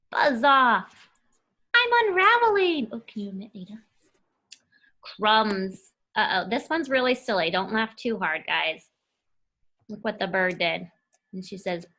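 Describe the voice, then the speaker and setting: A woman's voice: mid-range voice, pushed and bright. A young woman teacher reading a picture book aloud to her class, with playful, chatty asides to the children. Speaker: elementary school teacher.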